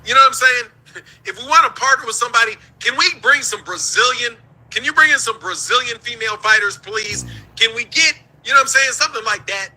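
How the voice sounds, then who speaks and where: A man's voice: extremely high pitch, fast talker, bright, forceful tone, low-quality recording. A man from the United States hosting a show, ranting in heated, profane commentary and laughing between his points.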